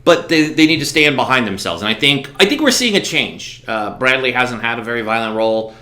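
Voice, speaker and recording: A man hosting a talk show, chatting casually and voicing his opinions emphatically, often getting loud. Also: mid-range voice, lively intonation, a little fast, echoey room. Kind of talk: casual interview conversation.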